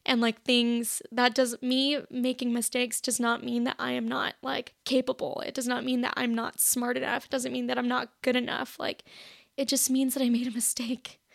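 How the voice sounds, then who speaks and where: A woman's voice: fairly high pitch, level tone, normal speed, gravelly, no echo, studio quality. A young woman hosting her own podcast, telling a story in a casual, confessional way, with constant "like" fillers and acted-out quotes of her past self, a little shaky. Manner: chatty, heavy "like" filler, acts out her own past lines. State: shaky, emotional. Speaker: podcast host.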